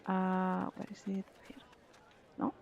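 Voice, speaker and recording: A woman's voice: mid-range voice, completely flat delivery, takes it slowly, gravelly, darkish tone, muffled recording, slight background noise. A woman streaming a game in casual commentary, chatty and giggly, thinking aloud as she plays.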